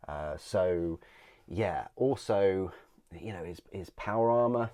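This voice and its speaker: A man giving a casual product review, hesitant, with many ums and restarts and phrases that trail off quietly. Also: low voice, slow. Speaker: miniatures reviewer.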